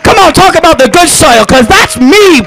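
A man preaching a fervent sermon to his congregation, calling for responses and shouting at the peaks with drawn-out emphatic phrases. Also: extremely high pitch, lively intonation, poor audio. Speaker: pastor. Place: church.

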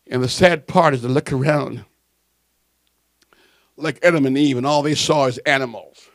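A male preacher in a church delivering a fiery sermon on microphone, shouting emphatic lines and telling stories with playful asides. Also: medium pitch, moderate pace, no echo.

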